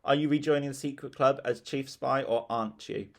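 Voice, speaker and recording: A man's voice: mid-range voice, fairly quick, creaky, pitched above the performer's own voice, natural voice. A man voicing a bossy, scheming young girl who talks scornfully.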